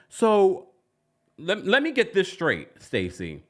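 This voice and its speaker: A man giving casual, sassy recap commentary as host, jumping up in pitch and laughing as he talks. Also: wildly swooping pitch, a little slow.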